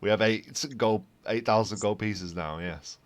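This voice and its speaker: A man playing a tabletop game, speaking slowly and formally in character as a proud father. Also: on the low side. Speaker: player. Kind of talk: casual chat and in-character speech at a tabletop game.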